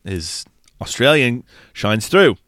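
A man co-hosting a podcast, recapping a film in casual chat with profane jokes and quick asides. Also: medium pitch, sing-song, fairly bright tone, no room sound, studio quality. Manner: profane, joking, recaps scenes. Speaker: podcast co-host. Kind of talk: casual movie review chat.

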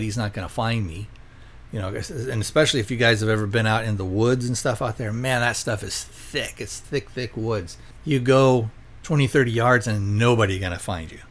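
A man hosting a podcast, casually retelling a movie plot in a rambling way, often stopping to correct himself. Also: medium pitch. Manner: rambling, self-correcting, conversational. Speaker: podcast host reviewing a movie. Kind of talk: casual spoken plot recap.

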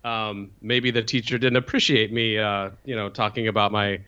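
A man's voice: lowish voice, little pitch movement, moderate pace, sharp tone, clear, resonant tone, muffled recording. A man, a comedian guest on a podcast, telling casual anecdotes in a self-deprecating way and laughing often.

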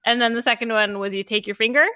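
A woman's voice: on the high side, steady tone, fast talker, sharp tone, dry recording, studio quality. A woman co-hosting a podcast, chatting casually with many fillers and easy laughter. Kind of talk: casual chat.

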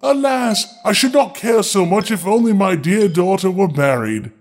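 A man's voice: high-pitched, lively intonation, normal speed, a little mellow, faint music behind. A man reading a fairy tale aloud and voicing a frightened queen who pleads anxiously. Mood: despairing.

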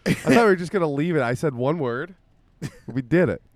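A man's voice: fairly high pitch, expressive, a little fast, no echo. A man co-hosting a casual comedic podcast, crude and self-deprecating as he jokes around. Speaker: podcast co-host. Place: home podcast setup in Austin.

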